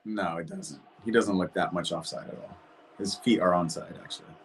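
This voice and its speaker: A man hosting a live football watch-along from home, reacting loudly to the match and chatting with viewers. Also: low-pitched, brisk, slight background noise. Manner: excitable, shouts at big chances, chatty with chat. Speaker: watch-party streamer.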